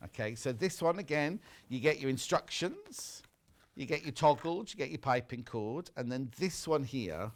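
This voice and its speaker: Lively chatty man hosting a sales show. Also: mid-range voice, normal speed. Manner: chatty and teasing. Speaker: shopping channel host. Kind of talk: live product presentation. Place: TV studio.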